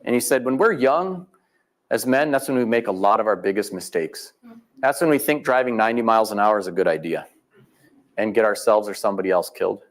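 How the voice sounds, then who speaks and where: A man's voice: fairly low pitch, brisk. A middle-aged man giving a talk as guest speaker, telling stories in a folksy way and acting out the people he quotes. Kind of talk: storytelling lecture. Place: live event venue.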